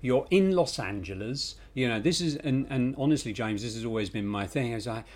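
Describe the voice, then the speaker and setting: Animated, rambling London man. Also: medium pitch, fairly quick. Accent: London English. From North London, England. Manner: animated, rambling, self-deprecating. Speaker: podcast co-host. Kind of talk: casual chat.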